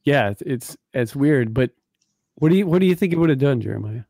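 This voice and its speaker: A man's voice: mid-range voice, animated, brisk, vocal fry, mellow, dry recording. A man chatting casually, musing at length with a rambling, reflective manner. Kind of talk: casual chat.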